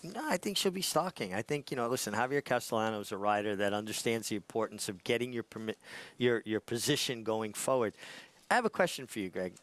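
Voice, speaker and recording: A man talking through horse racing picks on a broadcast in an animated, halting way, often restarting and repeating words. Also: on the low side. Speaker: racing handicapper.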